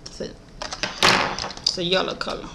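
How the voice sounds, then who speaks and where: A woman's voice: moderate pace, heavy background noise. A woman, chatting casually to camera about her shopping haul, blunt and profane, telling stories animatedly. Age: adult mother. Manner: animated storytelling, acts out others' voices. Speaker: vlogger showing a shopping haul.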